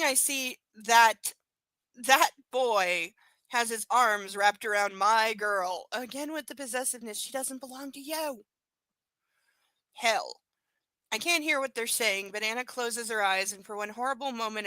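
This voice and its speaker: Woman livestream reading a book, bright kinda high voice, snarky side comments, dry room. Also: measured pace, dry recording. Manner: sarcastic asides and baby talk to her dog. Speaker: host reading a book aloud. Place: home desk with her dog on her lap.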